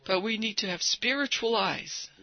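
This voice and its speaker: High-voiced preacher teasing his congregation. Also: moderate pace, muffled recording. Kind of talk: sermon.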